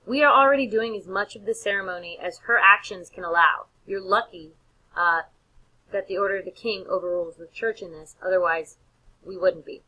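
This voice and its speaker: A stern churchman lays down the rules in a matter-of-fact way, in a bright, forceful voice close to the reader's everyday tone, as a woman quotes him while teaching. The lines are paraphrased rather than performed. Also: mid-range voice, fairly quick, muffled recording. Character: stern male churchman refusing a full service.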